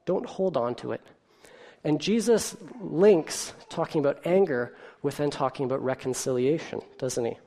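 A pastor delivering a sermon in a lively storytelling way. The voice sits in a middle pitch. The delivery leans on rhetorical questions and the odd "um.". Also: normal speed, vocal fry. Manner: animated storytelling with rhetorical questions and filler ums.

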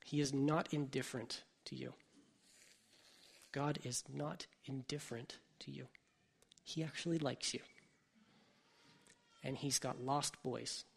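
A man's voice: mid-range voice, steady tone, slow pace, creaky, long pauses, breathy edge. A man who is a parent, preaching a sermon in a conversational way and thinking aloud with asides. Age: adult parent. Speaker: pastor.

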